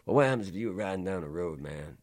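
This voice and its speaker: A man voicing an intense, menacing male funk star, speaking in a low, hushed, ominous tone. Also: lively intonation, quick pace, no echo.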